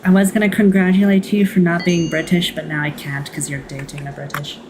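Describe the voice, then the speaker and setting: Low-pitched woman, dry and teasing, casual stream banter with a faint noise floor. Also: little pitch movement, brisk. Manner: sarcastic, teasing, swears freely.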